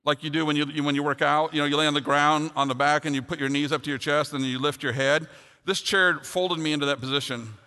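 Middle-aged preacher, bright voice, echoing hall. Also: male voice, on the high side, fairly even intonation, fast. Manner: earnest, builds to humorous storytelling. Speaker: pastor. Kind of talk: sermon with personal story. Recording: long hall reverb.

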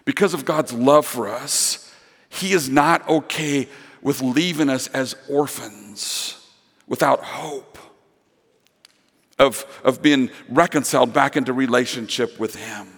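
A man's voice: medium pitch, takes it slowly, fairly bright tone, breathy edge, big-room sound. A male pastor preaching a sermon earnestly, with emphatic repetition, to a church congregation. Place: church sanctuary.

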